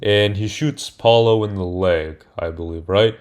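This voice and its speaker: A man whose voice sits on the low side walks through a movie plot at a measured pace in a casual reviewer's recap. He rambles hesitantly, restarting and correcting himself with many fillers.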